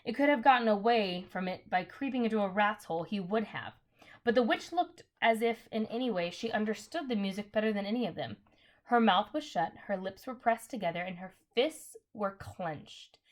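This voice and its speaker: A woman's voice: mid-range voice, expressive, a little fast. A woman reading a children's novel aloud in a casual way, correcting her slips and adding apologetic asides. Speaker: reader.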